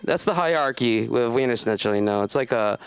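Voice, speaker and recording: A man in his thirties from South Los Angeles works an open mic stand-up set, meandering through his story with constant fillers and restarts. His pitch swings widely. The sound is smooth and dry, close on a handheld stage mic. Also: lively intonation, fairly quick, no room sound. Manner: rambling, many fillers and self-interruptions. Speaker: stand-up comedian. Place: comedy club stage.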